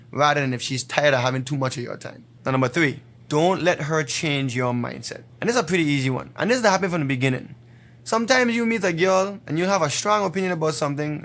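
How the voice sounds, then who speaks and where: A quick, emphatic man lectures straight to camera about dating. His voice sits a little high for a man, and he hammers his points home with repetition. He talks in a fast stream of blunt advice. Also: fairly bright tone. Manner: emphatic, repetitive, retells a joke with acted voices. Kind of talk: direct-to-camera advice monologue.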